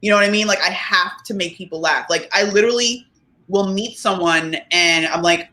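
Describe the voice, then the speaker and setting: A woman co-hosting a podcast in casual chat, joking and animated. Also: on the low side. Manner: animated, joking, quick laughs. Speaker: podcast co-host.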